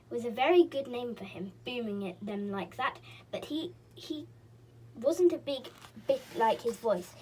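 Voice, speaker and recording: A woman reading a children's storybook aloud in an expressive way, with a few slips and restarts. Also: fairly high pitch, slight background noise.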